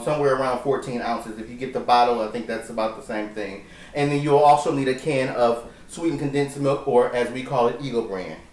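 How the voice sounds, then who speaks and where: A man hosting a casual cooking vlog from his home kitchen, talking in a sassy, profane, campy way. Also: mid-range voice. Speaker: cooking show host. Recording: echoey room, mic at a distance.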